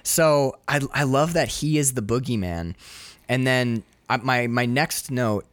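A man casually discussing a film, acting out scenes with lively quoted voices. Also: medium pitch, a little slow, dry recording. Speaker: podcast co-host.

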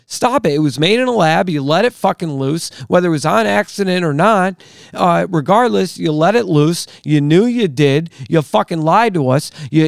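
Male podcast guest, slightly high voice, profane angry rants, dry studio sound. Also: creaky, clean tone, no room sound. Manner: angry, profane ranting that builds in pitch. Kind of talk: heated podcast conversation.

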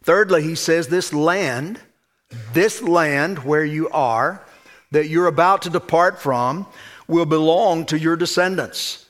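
A man preaching a sermon, emphatic, with loud stressed phrases and hushed low asides. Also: slow. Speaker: pastor.

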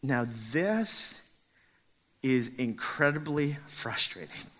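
A man's voice: mid-range voice, animated, slow pace. A man preaching a sermon with dramatic emphasis, dropping to pleading whispers when he voices a character. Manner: rises to loud emphatic peaks.

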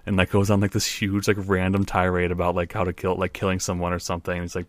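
A man's voice: low-pitched, little pitch movement, fast, no echo. A man co-hosting a casual podcast, telling stories and teasing his co-host in a dry manner.

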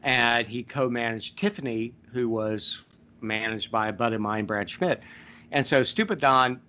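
A man hosting a podcast, chatting casually and spinning long anecdotes. His voice is bright and forceful, and he pads his stories with plenty of ums and you knows. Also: medium pitch, moderate pace, slight background noise. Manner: rambling storyteller with many fillers. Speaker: podcast host. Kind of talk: casual chat and storytelling.

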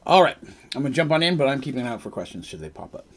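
A man's voice: medium pitch, very animated, rapid-fire, a little hiss or hum. A man narrating a tabletop game as its game master on a live stream, rambling with casual asides and correcting himself as he goes.

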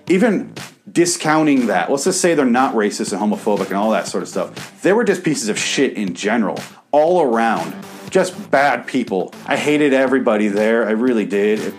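A man from the American Midwest hosts his own comedy show, moving from reading his writing aloud into a loose, improvised rant. His voice sits at an ordinary middle pitch, and his delivery is sarcastic, bitter and full of swearing. A little music plays quietly underneath. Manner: sarcastic, profane, bitter ranting.

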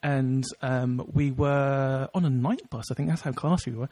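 A man's voice: medium pitch, fairly even intonation, normal speed, darkish tone, no echo. A young man co-hosting a podcast, chatting casually and telling rambling anecdotes with frequent laughs. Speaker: podcast co-host. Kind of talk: casual chat, storytelling.

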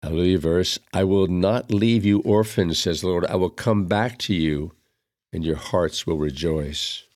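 A man reading the opening prayer and scripture readings of a Mass in a measured, solemn recitation. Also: deep voice, darkish tone, no room sound, studio quality. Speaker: liturgical reader.

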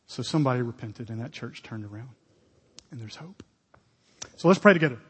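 Man, pastor, sermon, earnest and direct, breathy voice, long reverb. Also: mid-range voice, lively intonation, brisk. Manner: earnest, direct preaching with sudden loud exclamations.

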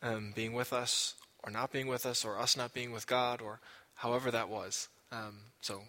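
A man's voice: mid-range voice, steady tone, moderate pace, sharp tone. A man speaking in a hesitant way, with ums, before he hands over to the next speaker. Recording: long hall reverb.

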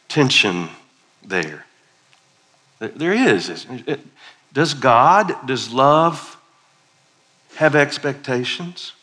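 A man's voice: on the high side, sharp tone. A middle-aged man, preaching a playful, conversational sermon as a guest preacher. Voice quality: playful, conversational, leads congregation in call-and-response.

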